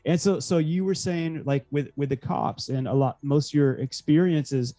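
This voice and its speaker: Mellow-voiced man over faint music. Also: fairly high pitch, moderate pace, rough recording. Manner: agreeable, stammering restarts, dry jokes. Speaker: co-host. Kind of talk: casual podcast chat.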